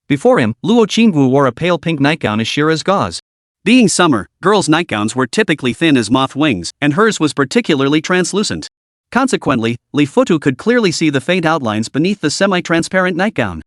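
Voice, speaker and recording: A man narrating a web novel in an expressive storytelling manner. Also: a little high, fairly quick, dry recording, studio quality.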